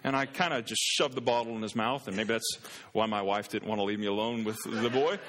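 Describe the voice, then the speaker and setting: A man's voice: fairly low pitch, fairly quick, a bit bright, slight background noise. A man in his thirties preaching a sermon as a pastor, earnest and building to impassioned pleading. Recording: long reverb of a large hall.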